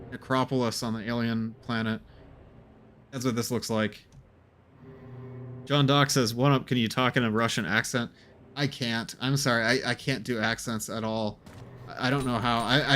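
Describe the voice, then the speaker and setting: A man's voice: medium pitch, a little hiss or hum. A man streaming a game, musing aloud in a rambling, hesitant way. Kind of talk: casual gameplay commentary.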